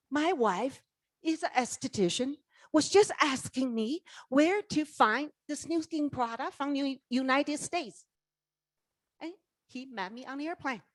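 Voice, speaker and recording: Giving a motivational keynote at a conference, an animated middle-aged woman in network marketing leadership tells lively stories, performs dialogue, and poses questions to the audience. Her voice sits on the high side, in a dry, studio-quality recording.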